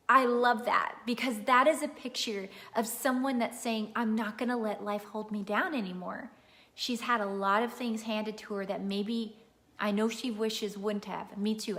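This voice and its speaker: A nutritionist in her thirties gives an earnest, emphatic motivational talk to viewers on a live stream, repeating phrases for emphasis. Her pitch is fairly high and her tone fairly bright.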